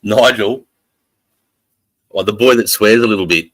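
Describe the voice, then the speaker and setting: Deep-voiced Australian man, crude banter. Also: a little slow, fairly bright tone, dry recording. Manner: swears constantly, laughs often. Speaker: livestream host. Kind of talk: crude casual chat.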